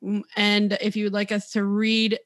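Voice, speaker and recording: Halting woman podcast co-host. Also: mid-range voice, completely flat delivery, dry recording, clean studio sound. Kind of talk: casual chat and show announcements.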